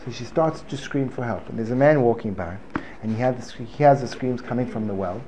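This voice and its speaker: A man's voice: medium pitch, brisk, mellow. A man teaching an informal Torah class to a live room, joking and digressive, often repeating himself. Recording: dull lo-fi recording with faint room noise.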